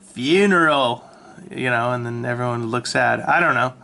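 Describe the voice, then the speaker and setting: A man casually talking through his old sketchbook, relaxed and self-mocking, with lots of ums and restarts, recorded on a handheld camera. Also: medium pitch, brisk, creaky. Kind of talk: casual rambling commentary. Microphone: handheld camera mic.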